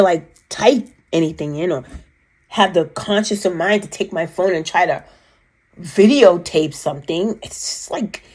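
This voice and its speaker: A woman telling a personal story in a casual, animated way, emphatic and rambling with restarts. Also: lowish voice, measured pace, breathy edge, low-quality recording. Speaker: vlogger recounting a personal experience.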